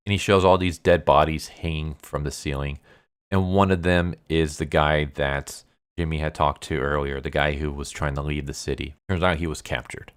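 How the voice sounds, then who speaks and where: A man's voice: rumbling low, steady tone, normal speed, clean tone. A man casually retelling a story, loose and chatty, with lots of filler words. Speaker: manga recap narrator.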